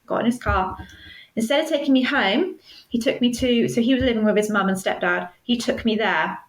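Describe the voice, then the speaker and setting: A woman, a guest telling her personal story in a podcast interview, earnest and measured. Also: on the high side, roomy sound, low-quality recording. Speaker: guest, stalking survivor.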